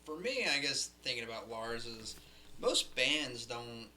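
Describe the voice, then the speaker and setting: A man with a very bright, sharp voice tells animated stories in a casual podcast chat, swearing freely along the way. His pitch sits in the middle range. A faint hum runs in the background. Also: measured pace. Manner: animated storyteller, profane. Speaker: podcast co-host.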